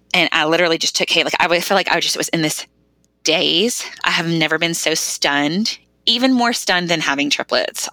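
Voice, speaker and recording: A middle-aged woman shares a heartfelt personal story as a podcast guest, speaking casually and leaning on "like" as she talks. Her voice sits low with a gravelly fry and a bright, sharp edge, and it comes across dry and close. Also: no echo. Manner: conversational, frequent "like" fillers.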